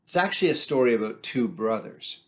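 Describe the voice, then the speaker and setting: A man telling folk tales aloud, animated and dramatic, building up and dropping his volume. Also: mid-range voice, a little fast. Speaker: storyteller. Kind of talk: oral folk-tale storytelling.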